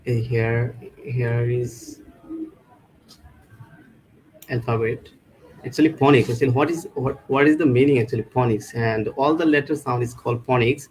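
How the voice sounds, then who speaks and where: A man hosting a live online English-speaking show, talking in a halting, loose way with many restarts over a video call. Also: medium pitch, a little mellow, slight background noise, rough recording. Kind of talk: casual live-stream chat.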